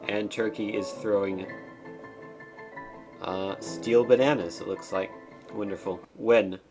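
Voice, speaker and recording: A man streaming a game, giving casual commentary with wry, deadpan asides as he reads the game's text aloud. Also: on the low side, slow, music in the background.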